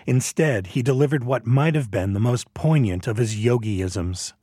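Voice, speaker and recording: A man reading scripted documentary narration in a measured, even way. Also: mid-range voice, slightly rough, no echo, studio quality.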